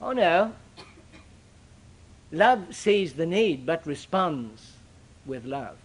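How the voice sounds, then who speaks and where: An older man preaching a sermon, with dramatic, sweeping shifts in pitch and loudness. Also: sing-song, very slow.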